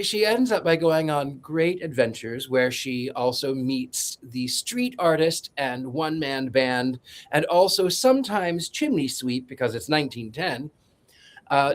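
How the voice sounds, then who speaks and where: A man on a podcast panel giving a joking, rambling film synopsis in a sarcastic, playful way. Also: fairly high pitch. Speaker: podcast co-host.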